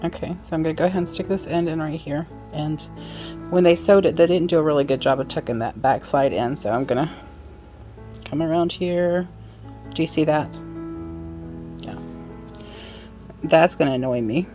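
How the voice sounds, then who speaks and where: Woman, low register, casual hands-on sewing tutor with chatty asides; light music underneath. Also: moderate pace, long pauses, dark tone. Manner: chatty, apologetic asides, talks while working. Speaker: sewing instructor. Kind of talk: casual how-to demonstration.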